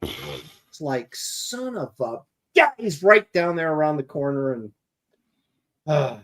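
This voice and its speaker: A man's voice: fairly high pitch, sing-song, slow, a bit bright. A man hosting a comics podcast, rambling through self-mocking convention stories in a casual chat. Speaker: comic artist podcast host.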